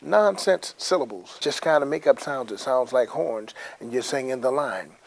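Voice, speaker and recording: A man's voice: mid-range voice, normal speed, creaky. A man teaching music to children, friendly and explaining simply, now and then showing ideas with sung syllables.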